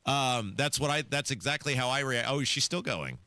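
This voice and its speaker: A man's voice: medium pitch, animated, moderate pace, pushed and bright, slight background noise. A man co-hosting a talk radio show, giving blunt, sarcastic opinion commentary from a studio microphone.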